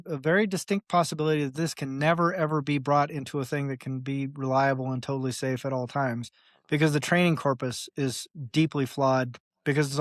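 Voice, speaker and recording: A man's voice: fairly high pitch, no room sound, studio quality. A man talking as a podcast guest in a loose, rambling way, often saying "like" and "right?" and acting out quoted dialogue. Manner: animated, acts out quoted dialogue in other voices. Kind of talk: casual conversational interview.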